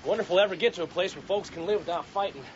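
An actor with an Oklahoma accent playing a blunt, wry young farmhand son, on an old film soundtrack. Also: male voice, high voice, very fast, lightly acted. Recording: dull, faintly hissy old film soundtrack.

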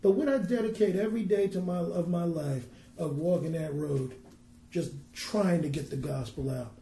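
An earnest male minister preaches and tells stories with a fairly high but mellow voice. He reads scripture slowly and with weight. The sound is roomy and echoey. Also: creaky, slight background noise. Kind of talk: preaching and storytelling on a podcast.

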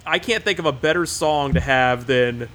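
A man hosting a casual podcast chat, excitable, swearing often and mimicking voices as he talks. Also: mid-range voice, moderate pace. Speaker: podcast host.

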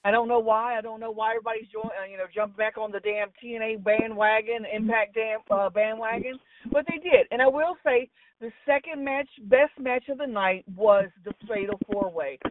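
A woman's voice: a little high, fairly quick. A woman calling in to talk wrestling, blunt and opinionated, swearing freely. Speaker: call-in wrestling commentator. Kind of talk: casual call-in chat. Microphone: phone call. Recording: tinny phone line, far from mic.

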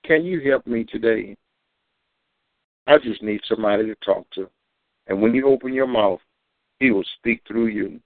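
A man preaching and telling a personal testimony on a community call, fervent, with sudden high bursts when he quotes himself. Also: moderate pace, pauses often, no echo. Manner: fervent storytelling, climbing high for quoted shouts. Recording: tinny phone line.

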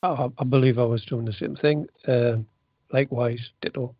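A man with a mid-range voice answers in a calm, measured way and stumbles over fillers as he searches for words. The sound is dull and lo-fi, and the room is dry. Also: mid-range voice, no room sound. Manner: hesitant, measured, many fillers. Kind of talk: calm conversational pushback.

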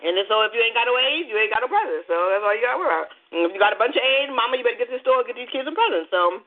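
A woman hosting an internet talk radio show, talking to her listeners in a sassy, animated way. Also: a little high, racing. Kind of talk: casual phone-in talk radio. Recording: phone-like, lo-fi sound.

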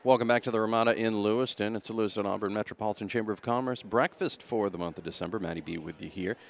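Radio host, fast-talking gravelly low voice. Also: male voice. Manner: brisk, upbeat announcer patter. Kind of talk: live radio remote broadcast.

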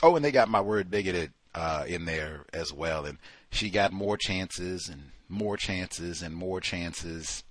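A man's voice: deep voice, slow pace, fairly bright tone, no echo. A man hosting a call-in show, giving emphatic, sarcastic commentary. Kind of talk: talk radio commentary.

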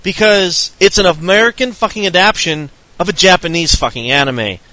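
A man's voice: high voice, brisk, sharp tone, dry recording, poor audio. A man co-hosting a podcast, ranting heatedly and swearing nonstop in casual talk. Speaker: podcast co-host.

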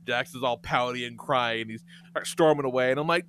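A middle-aged man hosting a podcast, telling stories in a profane, animated way. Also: medium pitch, fairly quick, a little hiss or hum. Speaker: podcast host. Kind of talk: casual podcast chat.

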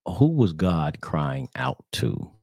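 A very low-voiced man, his voice gravelly with fry, preaches to his online audience. He keeps circling back with repeated rhetorical questions and calls them brothers and sisters. The sound is close and dry. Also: very animated, takes it slowly, a little mellow, dry recording. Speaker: religious podcast host. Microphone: screen-sharing computer setup.

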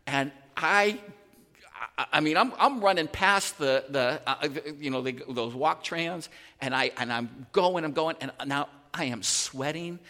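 A man's voice: on the high side, bright, forceful tone. A man preaching a sermon as pastor, telling a personal story with lots of restarts and stammered repeats. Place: church sanctuary. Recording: long hall reverb.

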